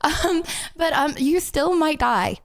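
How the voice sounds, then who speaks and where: A young woman chats with her live viewers in a high, bouncy voice, full of fillers and little laughs. She is still recovering from illness, and her talk is loose and casual. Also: expressive, slow pace. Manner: chatty and giggly, many fillers. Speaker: streamer. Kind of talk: casual live-stream chat.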